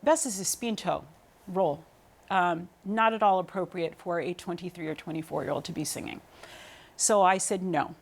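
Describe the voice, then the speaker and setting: A woman's voice: lowish voice, moderate pace, creaky. A woman in her thirties, a guest talking about her singing career in an interview, telling stories with lots of ums and restarts. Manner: animated storytelling with many fillers. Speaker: guest, opera singer. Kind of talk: interview conversation.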